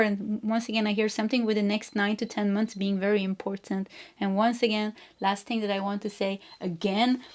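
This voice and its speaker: A woman giving an intuitive tarot reading, talking gently with frequent restarts, laughs and searching for words. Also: mid-range voice. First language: Swedish. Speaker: tarot reader.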